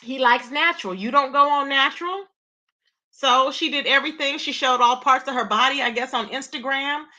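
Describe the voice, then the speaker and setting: A high-pitched woman hosts a chatty gossip livestream and keeps talking straight to her viewers. Her voice is bright and sharp, and her speech has features. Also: moderate pace, muffled recording. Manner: chatty, greets viewers by name, calls them babe and child. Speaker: YouTube commentary livestream host. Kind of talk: casual livestream gossip commentary.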